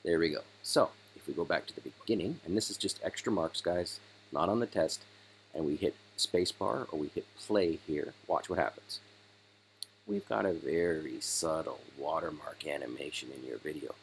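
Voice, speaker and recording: A man hosting a casual step-by-step software tutorial, hoarse as he is losing his voice. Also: extremely low pitch, moderate pace, a little hiss or hum, low-quality recording. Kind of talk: screen-recorded software tutorial.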